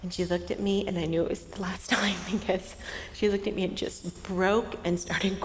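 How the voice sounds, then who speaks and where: A middle-aged woman co-hosts a faith-based talk, telling a parenting story with lively energy, laughing often and softening her voice whenever she quotes someone. Her pitch is medium and her pace moderate, recorded in a reverberant room with a faint hiss.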